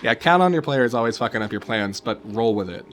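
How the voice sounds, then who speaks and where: A man's voice: mid-range voice, animated, fast talker, fairly bright tone. A man co-hosting a casual chat as a dungeon master, easygoing and laughing often.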